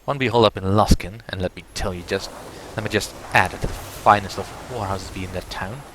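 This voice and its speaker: A man's voice: low-pitched, fairly quick, noisy background, lightly acted. A man doing a grumbling, cursing dwarf. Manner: grumbling, cursing journal reading. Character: gruff, bitter male dwarf adventurer. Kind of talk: read-aloud journal in a game.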